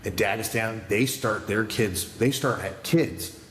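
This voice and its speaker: A man with a fairly low voice tells stories in a casual podcast, animated and rambling, breaking off and restarting. The sound is echoey, with a long reverb tail and a faint background hiss. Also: measured pace. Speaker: podcast co-host.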